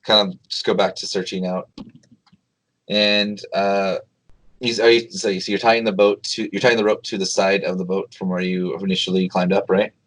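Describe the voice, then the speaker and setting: Low-voiced male game master. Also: little pitch movement, moderate pace, fairly bright tone, low-quality recording. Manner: hesitant, many restarts and fillers. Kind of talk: narrating a tabletop game.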